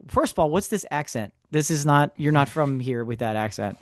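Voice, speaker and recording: Animated man telling a story. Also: a little high, normal speed, hardly any pauses, no echo, studio quality. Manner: animated storyteller, rants with sarcastic asides. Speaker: podcast co-host. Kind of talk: casual chat.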